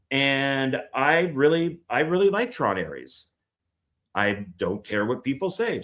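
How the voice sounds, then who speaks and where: A man's voice: mid-range voice, a bit bright. Rambling, swearing man on his vlog. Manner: rambling, swears, mocks critics in put-on voices. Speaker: filmmaker showing his disc purchases. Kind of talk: casual vlog chat.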